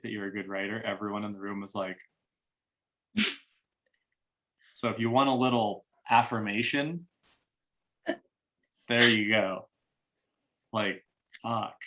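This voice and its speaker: A man's voice: on the low side, a bit bright. A young man on a video call, talking candidly in a casual group share, swearing often and filling his talk with "like". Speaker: workshop facilitator.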